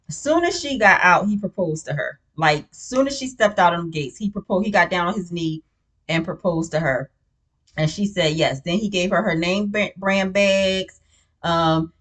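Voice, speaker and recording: A woman recapping a reality show in casual, blunt, opinionated chat, with many "you know what I'm saying" fillers. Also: fairly low pitch.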